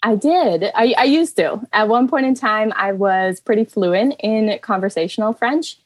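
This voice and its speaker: A woman's voice: mid-range voice, measured pace, no echo, poor audio. A woman, a therapy business owner, speaking as a podcast guest in a friendly, upbeat, conversational way. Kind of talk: casual interview chat.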